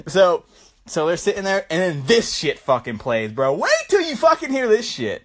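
A man's voice: fairly high pitch, big pitch swings, moderate pace, long pauses. Stoned young man ranting on a phone. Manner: profane, slangy, rambling storytelling. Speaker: podcast host. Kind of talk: rambling comic monologue.

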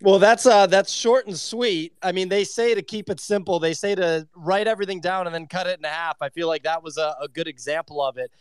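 A man's voice: high voice, fairly even intonation, brisk, hardly any pauses, clear, resonant tone, no room sound. Laughing man co-hosting a morning show. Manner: joking, laughs often. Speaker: co-host. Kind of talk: casual podcast chat.

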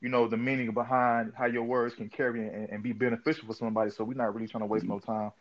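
A man's voice: medium pitch, level tone, quick pace. A man hosting a podcast, chatting in a laid-back way with lots of fillers. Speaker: podcast host. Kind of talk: casual chat. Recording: dull lo-fi audio.

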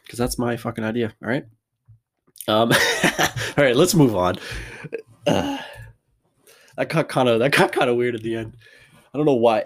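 Rambling, joking man in his bedroom. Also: medium pitch. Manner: rambling, profane, self-mocking jokes. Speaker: vlogger. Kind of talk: casual rambling monologue.

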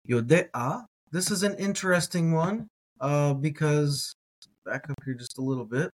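A man's voice: a little high, normal speed, breathy edge. A man teaching a reading lesson, sounding words out syllable by syllable, hesitating with fillers and correcting himself as he goes. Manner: hesitant, with frequent ums and uhs. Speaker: Hebrew teacher.

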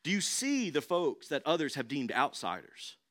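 A man's voice: fairly high pitch, very animated, moderate pace, a bit bright. Emphatic young male pastor preaching. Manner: emphatic, repeats key phrases, asks the congregation questions. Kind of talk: sermon.

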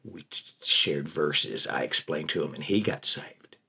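An older man, a prison ministry volunteer, tells personal stories in an interview in a folksy, animated way. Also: very deep voice, unhurried, gravelly, breathy edge.

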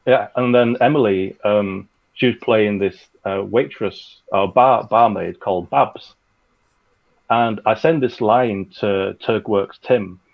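A man with a low, gravelly voice chats loosely and rambles, full of fillers. His recording sounds a little dull and lo-fi. He is describing his own audio drama production. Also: slow. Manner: rambling, chatty, filler-heavy. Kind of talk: casual chat.

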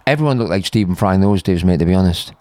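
A man's voice: sits low, lively intonation, racing, a little mellow, no room sound. A man with a Geordie accent co-hosting a podcast, chatting and joking in casual banter. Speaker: podcast co-host.

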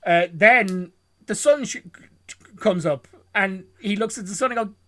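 A man's voice: high voice, measured pace, bright, forceful tone, no room sound. A man recapping a film plot for his podcast co-hosts in a rambling, self-correcting way, chuckling often. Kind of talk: casual chat.

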